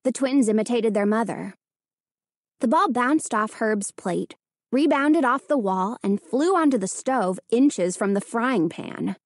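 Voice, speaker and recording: A woman narrating a children's storybook in an expressive storytelling manner. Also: fairly high pitch, measured pace, dry recording, clean studio sound. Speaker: audiobook narrator. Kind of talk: scripted narration.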